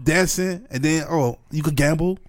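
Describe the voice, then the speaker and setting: A man in a relaxed chat among friends who mostly asks short, curious questions. The sound is dry and close, with no room around his voice. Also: a little high, moderate pace, dry recording. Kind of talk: casual chat.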